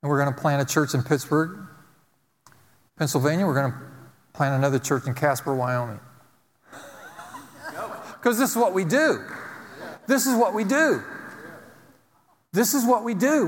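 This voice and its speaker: A man delivers a sermon in an emphatic preaching style, hammering phrases home through repetition. His voice sits a little high for a man. The sound carries the long reverb of a large hall. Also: expressive, normal speed, long pauses. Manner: emphatic preaching with repeated phrases, ending in a quieter prayer. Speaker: pastor.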